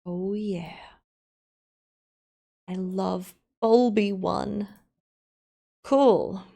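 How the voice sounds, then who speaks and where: This streamer has a mid-range, dark voice with vocal fry, and she draws out her words. She talks casually to her audience while editing a video, describing every step with playful asides.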